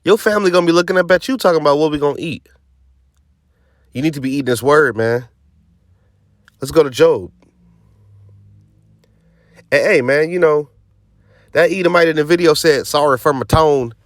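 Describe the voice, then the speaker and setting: A man with a fairly high voice preaches scripture in an informal, emphatic, streetwise way, often dropping in "man" and "right?" along with sarcastic asides. He is the teaching officer of a religious group and speaks at normal speed with long pauses. The recording is clean, with no room sound.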